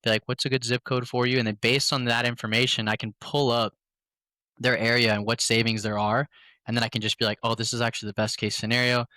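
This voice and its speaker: A man chatting casually on a podcast, telling animated stories about his phone sales calls in slangy talk, acting out both sides of each call. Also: medium pitch, a little fast, dry recording. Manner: animated storytelling, quotes his calls in voices; slangy, says "bro" often. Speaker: podcast guest. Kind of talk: casual chat.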